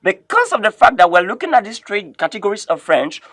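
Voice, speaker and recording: A man leads a French pronunciation lesson and says each word several times so learners can copy it. His voice sits somewhat high. The sound is dry and close, and he keeps coming back to "of course". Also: sing-song, a bit bright, no echo. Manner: repeats words slowly for learners to copy. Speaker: French teacher. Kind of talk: classroom lesson, teaching pronunciation.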